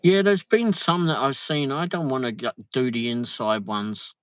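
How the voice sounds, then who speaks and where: A man's voice: mid-range voice, normal speed, clean tone, dry recording, rough recording. A man chatting casually on a live stream, reading out viewer comments with muttered asides. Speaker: livestream host. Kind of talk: casual live chat while travelling. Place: in a vehicle on the road.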